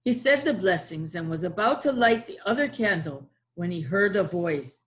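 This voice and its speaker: Animated woman reading a storybook. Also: lowish voice, moderate pace. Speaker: children's librarian. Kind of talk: storybook read-aloud.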